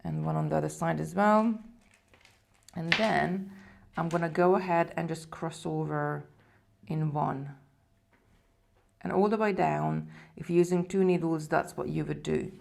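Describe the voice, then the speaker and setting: Running a live beading tutorial, this woman chats casually and guides viewers through the steps as she works on the piece. Her voice sits low and steady, creaky and a little mellow, unhurried with long pauses.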